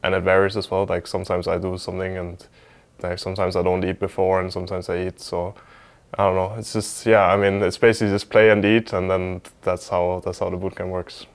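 Man, low voice, esports player, documentary interview, rambling casual delivery, many fillers. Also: flat delivery, a little fast, smooth. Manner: hedging, filler-heavy, loose and informal.

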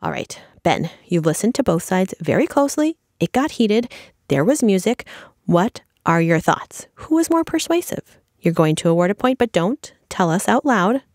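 An upbeat woman moderates a kids' debate podcast, keeping time and guiding the judge. Her voice is close and dry, at a mid pitch. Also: very animated, moderate pace, darkish tone, no echo. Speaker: host.

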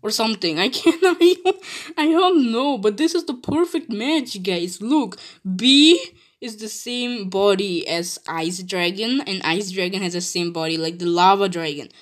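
Brief: woman game streamer, giggly, excitable, chatty, medium pitch. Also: a little slow. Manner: giggly and excitable, breaks into laughter often; chatty, with frequent restarts and exclamations. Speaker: gaming video creator. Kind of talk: casual gameplay commentary.

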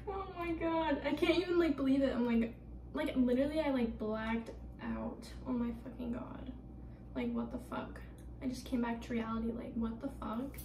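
A woman's voice: sits high, moderate pace, noisy background. Chatty young woman vlogging, swearing a lot. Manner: heavy filler and frequent swearing; drifts into hushed whispers then gets loud and excited. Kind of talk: casual vlog chat. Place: at home and outdoors.

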